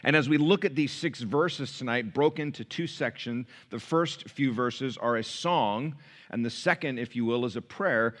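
Man preaching a sermon. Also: mid-range voice. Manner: preaching with rising emphasis and repetition. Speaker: pastor.

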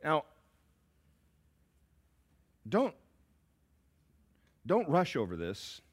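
A man preaching a sermon as pastor, swinging between shouted climaxes and hushed, slow asides. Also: on the high side, huge pitch swings, husky. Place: church sanctuary.

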